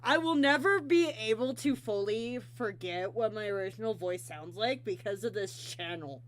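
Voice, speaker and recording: A woman's voice: medium pitch, animated, moderate pace. A woman hosting a casual interview show, rambling and giggly, teasing herself as she talks.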